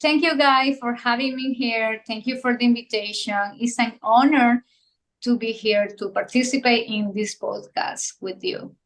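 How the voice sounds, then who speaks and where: A woman with a Nicaraguan Spanish accent, her first language Spanish, talks a little high and feels her way through English phrases. She pauses and restarts while asking for advice as a podcast guest. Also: fairly even intonation, poor audio. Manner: halting, careful English with pauses. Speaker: guest comedian. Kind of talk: podcast interview.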